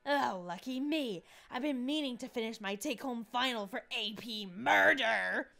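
A woman's voice: a little high, normal speed, creaky, bright, forceful tone. A woman voicing a nerdy teenage vampire boy in a video game, dry and aloof.

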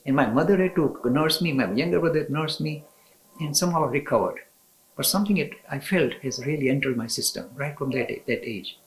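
Man, spiritual teacher, eager storytelling, gravelly voice, frequent laughs. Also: fairly high pitch, a little fast, poor audio. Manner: enthusiastic, laughs often, restarts sentences. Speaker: spiritual teacher and interview guest. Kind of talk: storytelling in a conversation.

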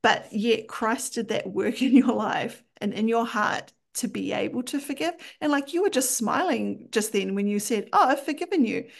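A woman's voice: on the high side, animated, normal speed, gravelly, few pauses. A woman hosting a faith podcast, asking questions and reflecting affirmingly on her guest's story. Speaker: podcast host.

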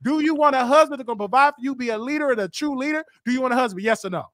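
A man hosting a call-in talk show, teasing and confronting callers and often bursting into shouts. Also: very high-pitched, racing, no echo, clean studio sound.

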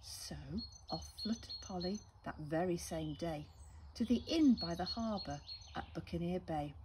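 English teacher, storytime read-aloud, slow and lively, birdsong faintly behind. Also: female voice, lowish voice, background noise. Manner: gentle, asks children questions. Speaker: primary school teacher.

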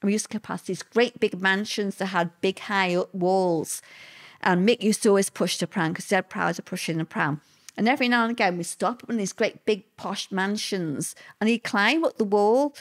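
A woman's voice: medium pitch, moderate pace. Woman telling her story. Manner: conversational, repeats words, lively quoted voices. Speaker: interview guest. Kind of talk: personal storytelling in an interview.

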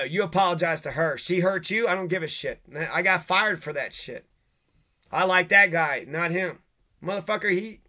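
A man in an agitated, profane rant, throwing accusations and rhetorical questions. His voice sits a little high and comes out bright and cutting. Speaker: vlogger. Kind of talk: angry rant to camera.

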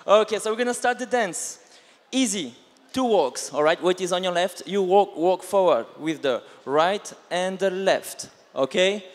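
A man with a high voice leads a line dance class at an unhurried pace. He checks in with the dancers after each step, and a long reverb from the large hall trails his words. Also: animated. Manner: slow, checks in often with the class. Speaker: line dance choreographer teaching. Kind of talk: live dance instruction.

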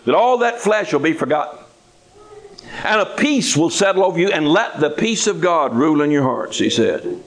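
Male preacher, sermon, folksy, humorous, conversational, fairly high-pitched. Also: lively intonation, moderate pace, poor audio.

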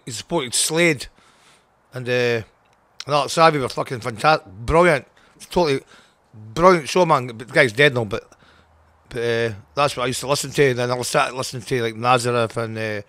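Older Scottish man, punk singer guest, blunt and profane, bright voice, dry sound. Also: medium pitch, no echo. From Scotland. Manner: blunt, sweary, rambling. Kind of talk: interview.

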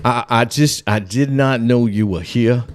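A man's voice: mid-range voice, unhurried, close to an everyday voice. A man voicing a protective older southern father who talks in urgent, folksy fragments with a Southern US accent. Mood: relieved. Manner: urgent, folksy, dropping words.

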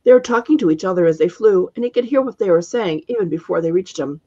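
A woman author reading her own fantasy story aloud in a steady narrating voice. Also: fairly low pitch, fast talker, breathy edge, dull audio.

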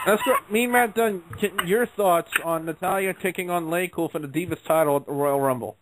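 A man with a high voice speaks at normal speed over background noise. He hosts a casual wrestling talk show on internet radio, emphatically calling on each panelist in turn.

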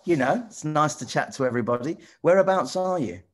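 A middle-aged man chatting casually with children over a video call, rambling and halting with lots of restarts. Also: fairly high pitch, lively intonation. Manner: rambling, halting, full of restarts and "you know". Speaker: celebrity guest answering children's questions. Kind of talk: casual friendly chat with children.

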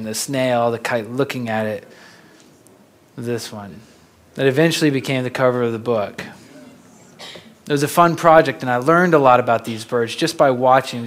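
A young man from Florida giving a talk as a photographer, telling stories in a lively way and laughing often. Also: mid-range voice. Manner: animated, laughing storyteller. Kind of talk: storytelling lecture.

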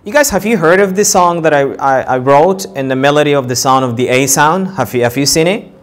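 A man's voice: fairly high pitch, brisk. A man with a Sudanese accent giving a casual English pronunciation lesson to camera, often repeating words and restarting. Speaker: English teacher. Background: street traffic.

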